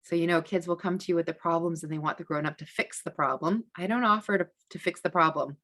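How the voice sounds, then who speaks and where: A woman teaching a parenting masterclass in a relaxed, conversational way, with frequent fillers and restarts. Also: on the low side, fast talker. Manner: acts out gentle validating speech to a child. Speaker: parenting educator.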